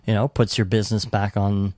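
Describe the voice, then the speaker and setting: A man's voice: on the low side, little pitch movement, a little fast, darkish tone, dry recording. A man co-hosting a podcast in casual chat, rambling with lots of fillers and restarts. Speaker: podcast co-host.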